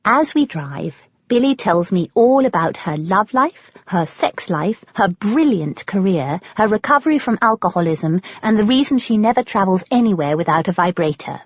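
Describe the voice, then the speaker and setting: Wry English woman narrating lively. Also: medium pitch, moderate pace, hardly any pauses, husky, no room sound. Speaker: audiobook narrator. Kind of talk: scripted first-person narration. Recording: dull, lo-fi, dry.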